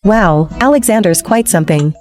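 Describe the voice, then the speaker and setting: A woman voicing a reborn young secretary, dubbed drama, playful asides, middle pitch. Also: expressive, normal speed, a little mellow, soft background music, close to an everyday voice. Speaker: secretary Rachel.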